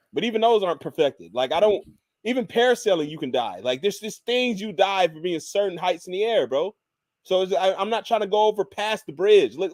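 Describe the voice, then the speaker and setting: A man's voice: high voice, darkish tone, no room sound. A man hosting a podcast, ranting in casual chat with lots of profanity. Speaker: podcast host.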